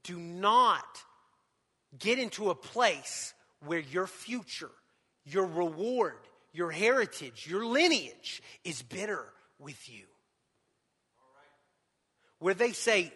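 A middle-aged man preaching a sermon to parents, swinging between loud emphatic lines and hushed ones. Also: sits high, big pitch swings, takes it slowly, long pauses, slightly rough. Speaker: pastor. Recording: long hall reverb.

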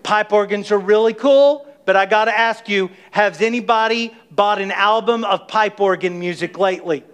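A middle-aged man preaching a sermon as pastor of his church, emphatic and energetic, calling on the congregation to respond. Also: sits high, moderate pace, smooth. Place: church sanctuary.

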